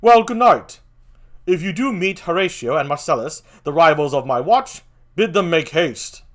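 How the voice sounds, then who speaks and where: A man voicing a jumpy young male castle sentry, declaiming old verse loudly. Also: a little high, lively intonation, moderate pace, natural voice. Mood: alarmed. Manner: loud, sharp, raised declamation.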